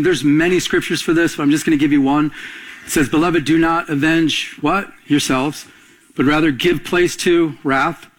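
This roughly recorded sermon comes from a man with a fairly high voice. The pastor tells stories and draws responses from the congregation, his call-and-response preaching building in rising emphasis.

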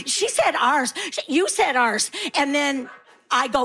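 A middle-aged woman performing a stand-up comedy routine, telling animated stories and acting out the voices of the people in them. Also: sits high, fairly quick.

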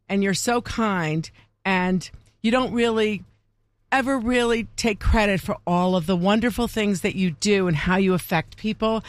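A woman's voice: medium pitch, no room sound. A woman radio station boss giving an earnest, heartfelt tribute on air. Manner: warm, earnest praise.

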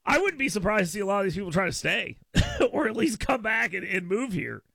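A man's voice: high voice, very animated, fairly quick, creaky, sharp tone, husky, dry recording. An American man hosting a talk radio show, giving his opinions in a monologue. He stammers and restarts often, doubling the first words of his sentences. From United States.

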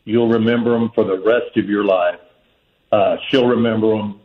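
A man's voice: on the low side, fairly even intonation, normal speed. Earnest male caller on a dull line. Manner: earnest, heartfelt advice-giving. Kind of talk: call-in advice.

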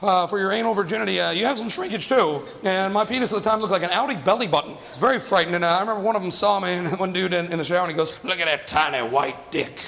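A man doing stand-up, telling a story in an animated way and jumping into quoted voices. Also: high-pitched, rapid-fire, gravelly, few pauses, long reverb tail. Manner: animated, acts out quoted voices with big jumps. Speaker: stand-up comedian.

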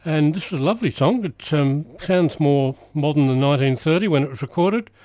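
A man's voice: fairly high pitch, a little fast, darkish tone, dry recording. A man co-hosting a radio show, easygoing, mostly giving short replies with some hesitation. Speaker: radio co-host. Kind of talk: casual on-air chat.

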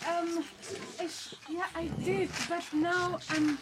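A woman's voice: very high-pitched, level tone, slow, a little hiss or hum. A woman with a South African accent plays a hot-tempered mother who scolds and accuses her child in dramatic outbursts. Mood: irritated. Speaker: comedy skit actor.

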